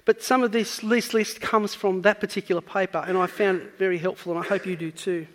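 A man's voice: high-pitched, steady tone, brisk, big-room sound. A man preaching a sermon, earnestly teaching and building up to emphatic points.

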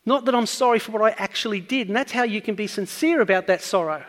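A man's voice: high-pitched, fast, fairly bright tone, long reverb tail. A man preaching a sermon, earnestly teaching and building up to emphatic points.

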